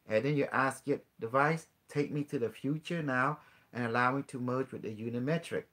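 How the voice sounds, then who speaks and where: Earnest man explaining in halting English. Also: mid-range voice. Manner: earnest explaining, mixes in quoted dialogue with a device. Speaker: host. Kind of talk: call-in show talk.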